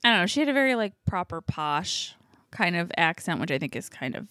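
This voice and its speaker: A woman's voice: fairly low pitch, very animated, fairly quick, a bit bright, no echo. A woman co-hosting a casual movie review chat with dry, teasing comebacks. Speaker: podcast co-host.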